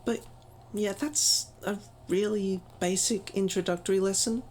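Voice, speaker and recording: A woman's voice: medium pitch, steady tone, unhurried, darkish tone, a little hiss or hum, low-quality recording. Chatty woman teaching a casual voice lesson. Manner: chatty, self-deprecating, filler-heavy. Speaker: voice training tutor. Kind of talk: casual tutorial.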